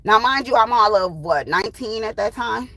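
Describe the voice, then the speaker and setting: A woman in her thirties, a tarot channel host, telling a personal story in a blunt, profane, animated way. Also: fairly high pitch, normal speed, no echo, rough recording. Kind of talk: casual storytime.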